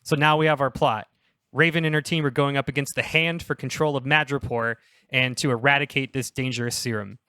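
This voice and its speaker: A young man on a casual comedy podcast, pitching a story in a rambling, self-interrupting way and laughing at his own jokes. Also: fairly even intonation, fairly quick, bright, forceful tone, clean tone, dry recording, clean studio sound.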